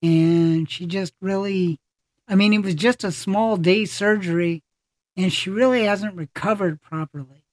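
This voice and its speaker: A podcast host in casual conversation, voice sitting at a middle pitch. The delivery is halting and full of fillers and self-corrections, recorded dry with no room sound. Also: dry recording. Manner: halting, many fillers and restarts.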